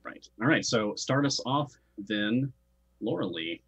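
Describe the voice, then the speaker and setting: A man's voice: mid-range voice, expressive, measured pace, a bit bright, breathy edge. A man narrating as game master in a casual tabletop session, describing scenes loosely with fillers.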